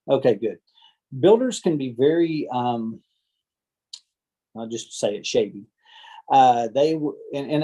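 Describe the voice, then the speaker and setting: A land surveyor with a dark, medium-pitched, breathy-edged voice speaks casually to a real estate team over a video call from his home or office. Chatty and down-home, he voices angry homeowners for effect. His computer or headset mic yields a low-quality recording.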